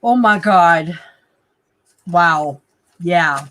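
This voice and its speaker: A woman in a casual podcast chat, excitedly telling a personal story with lots of exclamations. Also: on the low side, drawn-out words, poor audio. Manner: excitable, animated, lots of "oh my God" and "like".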